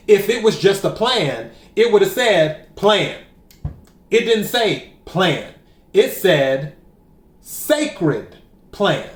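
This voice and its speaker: In a home room bare enough to echo, a high-voiced man gives an oracle card reading facing the camera. He takes his time with every word, leaning on key phrases and saying them again to drive them home.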